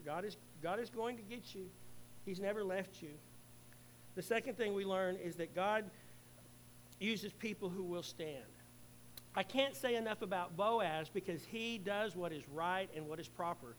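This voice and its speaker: A middle-aged male pastor preaching a sermon, earnestly, swelling loud and then dropping to a hush. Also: high voice, slight background noise, poor audio.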